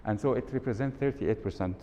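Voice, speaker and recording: A man's voice: fast talker, mellow. Man giving a workshop talk in a hall. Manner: interactive, quizzes the audience; demonstrates tones of voice. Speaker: workshop speaker. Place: event hall. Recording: long hall reverb, faint rumble.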